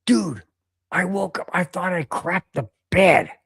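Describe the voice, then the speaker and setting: An American man co-hosting a casual sports podcast, telling a rambling story and reading out viewer chats in an excitable way. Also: high voice, slow pace, vocal fry, breathy edge, no echo, studio quality. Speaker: podcast co-host.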